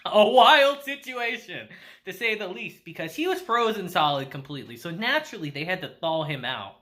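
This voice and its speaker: A man recapping an anime episode in a loose, slangy way, breaking into laughs as he goes. His pitch swings widely and his tone is bright and sharp. He talks with excited, chatty energy. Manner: animated, laughing often, slangy. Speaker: anime reviewer. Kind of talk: casual video review.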